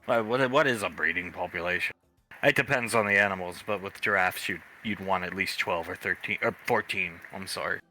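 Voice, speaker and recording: A man's voice: deep voice, fairly quick, bright, forceful tone, slight background noise, pitched below the performer's own voice. A man voicing a chatty young wife who loves animals, rambling and correcting himself as he goes.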